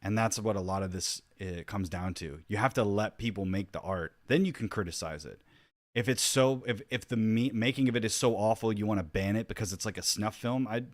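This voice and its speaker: A man's voice: lowish voice, no room sound, studio quality. A man giving casual reaction commentary, rambling and restarting his sentences as he thinks aloud. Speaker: YouTube commentator.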